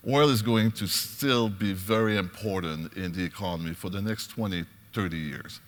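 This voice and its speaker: Economist on a panel, really low voice, stops and restarts a lot, echoey hall. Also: male voice, fairly bright tone. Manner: halting, restarts sentences. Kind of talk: panel discussion. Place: large conference hall. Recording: reverberant hall sound.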